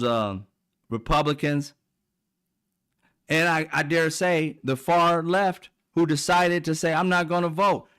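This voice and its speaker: A middle-aged man, hosting heated political commentary in a blunt, profane, mocking way. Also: a little high. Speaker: commentary channel host.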